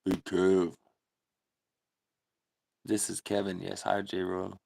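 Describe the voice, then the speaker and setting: A man's voice: deep voice, completely flat delivery, slow, gravelly, mellow. A man hosting a casual livestream, chatting laid-back with viewers and laughing often. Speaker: livestream host. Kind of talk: casual livestream chat reading comments.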